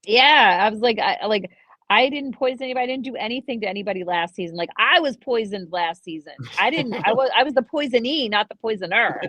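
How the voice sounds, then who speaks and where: A woman's voice: fairly high pitch, quick pace, dry recording. A woman co-hosting a casual aftershow, telling stories and acting out what others said. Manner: animated storytelling, acts out quoted dialogue. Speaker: co-host and former contestant.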